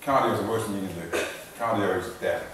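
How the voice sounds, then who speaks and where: A man's voice: lowish voice, quick pace, a bit bright. Man, fitness trainer, informal live talk, out of breath, distant mic, faint room hum. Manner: informal, repeats phrases, restarts sentences. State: out of breath while exercising. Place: large echoey hall in front of an audience. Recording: echoey hall recording from far off.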